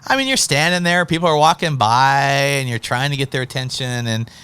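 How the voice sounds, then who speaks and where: A male host in a casual interview chat who tells stories in an animated way, acting out little scenes as he goes. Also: medium pitch, fairly quick, smooth, dry recording. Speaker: podcast host.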